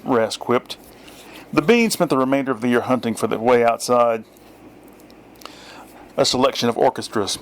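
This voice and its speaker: A middle-aged man reading his own first-person story aloud in a dry, deadpan manner. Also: medium pitch, normal speed.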